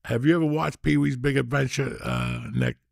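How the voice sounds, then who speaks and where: Gravelly, foul-mouthed older male storyteller. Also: medium pitch, normal speed, dry recording, clean studio sound. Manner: profane, rowdy storyteller who gets loud when excited. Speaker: podcast host. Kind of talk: casual podcast storytelling.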